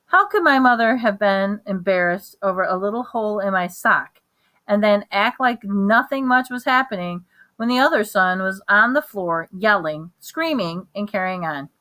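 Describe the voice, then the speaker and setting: A woman's voice: mid-range voice, moderate pace. Woman reading a children's novel. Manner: plain, even storytelling with small restarts. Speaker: reader.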